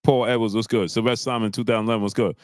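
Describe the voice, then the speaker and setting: A man hosting a casual boxing livestream, animated and exasperated, reading out viewer messages. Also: lowish voice, heavy background noise. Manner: animated, exasperated, drawn-out "bro". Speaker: livestream host.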